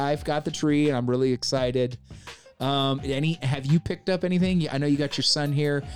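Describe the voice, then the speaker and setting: A man hosting a podcast, chatting casually in a jokey, excitable way and laughing often. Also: mid-range voice. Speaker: podcast host. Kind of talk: casual chat.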